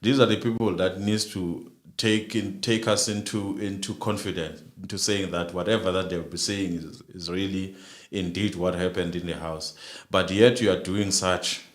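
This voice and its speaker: A man co-hosting a live stream, giving his views in halting speech full of repeated words and fillers. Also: deep voice, steady tone. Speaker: livestream co-host commenting on a court case. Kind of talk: casual live commentary.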